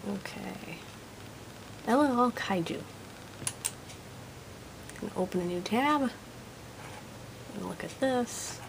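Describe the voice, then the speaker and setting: A woman's voice: mid-range voice, expressive, takes it slowly, vocal fry, long pauses, noisy background. A woman casually reviewing a product at her home desk, chatty, giggly and self-deprecating.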